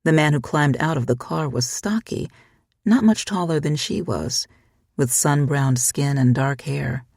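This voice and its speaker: Audiobook narrator, husky, dry close mic, even measured read. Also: mid-range voice, no room sound. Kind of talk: scripted narration.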